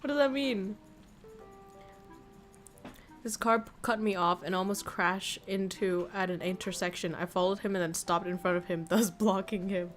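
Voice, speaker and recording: A woman's voice: mid-range voice, moderate pace, soft background music. A woman streamer in casual chat who laughs often and swears casually.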